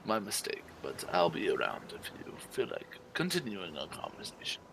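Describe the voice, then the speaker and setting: A man with a gravelly, low voice speaks smoothly as his character in a tabletop game and fills his pauses with hesitant "uh"s. Faint keyboard typing sits behind him on a desk mic. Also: huge pitch swings, noisy background. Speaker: player. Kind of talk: tabletop role-play, partly in character.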